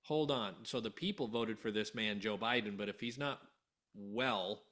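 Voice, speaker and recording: A man with a bright, forceful voice co-hosting a casual podcast. He rambles through his points and keeps checking in with his partner as he goes. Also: lowish voice, normal speed. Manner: conversational, rambling, checks in with "right?". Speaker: podcast co-host. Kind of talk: casual unfiltered chat.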